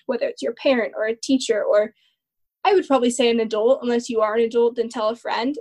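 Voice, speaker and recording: Young female guest, earnest and open, fairly high voice, lots of fillers. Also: fairly even intonation, fairly quick, darkish tone. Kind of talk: casual conversation.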